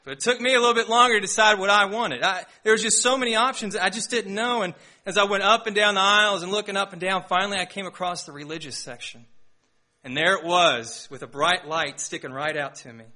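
Bright-voiced young man preaching. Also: high voice, fast. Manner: storytelling, self-deprecating, animated. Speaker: pastor. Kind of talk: sermon with personal story.

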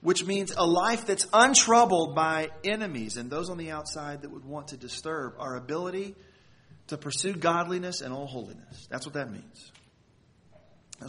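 A man's voice: fairly high pitch, fairly bright tone, slight background noise. A man preaching a sermon, earnest and emphatic, leaning hard on key words. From United States.

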